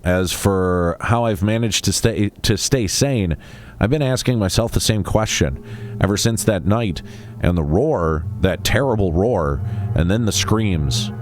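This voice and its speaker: A man reading aloud the lines of a frightened young woman survivor in a video game, in a halting, hushed delivery. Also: on the low side, lively intonation. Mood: haunted.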